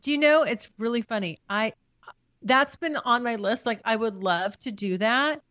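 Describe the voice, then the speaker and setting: A woman's voice: on the high side, fairly bright tone, no room sound, highs cut off. A woman as a podcast guest in candid, casual conversation, talking frankly and with lots of swearing. She often trails off and restarts her sentences. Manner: frank, profane, storytelling with halting restarts.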